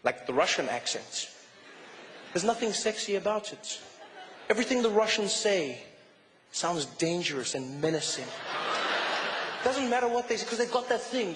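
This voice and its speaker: A man doing stand-up comedy in an animated, joking, conversational way, recorded live in a comedy venue. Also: sits high, normal speed, long pauses. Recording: echoey live hall with background noise.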